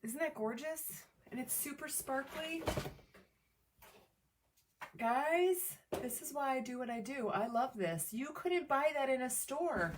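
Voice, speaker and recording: A woman hosting a live crafting demo from home, chatting with viewers by name in an excitable, chatty way. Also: high-pitched, a little slow, recorded from a distance, background noise. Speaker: crafting livestream host. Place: home craft table, camera on tripod.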